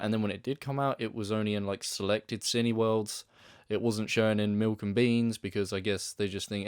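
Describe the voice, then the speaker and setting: A young man talks through a film review in a relaxed, meandering way. He keeps restarting his sentences and filling gaps. His voice sits a bit low and sounds dry and close, with no room around it. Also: moderate pace, clean tone, no echo. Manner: rambling, hesitant, many restarts and fillers. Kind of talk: casual spoken film review.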